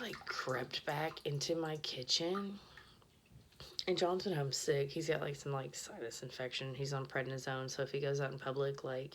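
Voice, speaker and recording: A woman's voice: very deep voice, vocal fry, a bit bright, a little hiss or hum. A woman hosting a podcast, telling a story in a casual, rambling way with lots of swearing, often dropping to a whisper as she retells it. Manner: profane, rambling, drops to a whisper when retelling. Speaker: podcast host.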